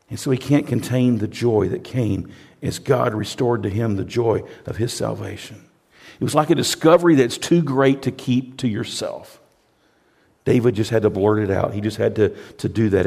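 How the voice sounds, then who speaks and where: Gravelly-voiced preacher swinging hushed to loud. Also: male voice, medium pitch. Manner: swings from hushed to loud and emphatic, repeats phrases. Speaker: pastor. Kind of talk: sermon.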